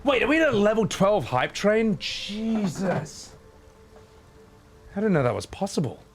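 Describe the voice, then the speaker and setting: A man in his thirties, out of breath, chatting casually on his stream and shouting out thanks to his viewers. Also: high voice, very animated, unhurried, music in the background. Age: 30s. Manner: breathless, thanking chat with loud shout-outs.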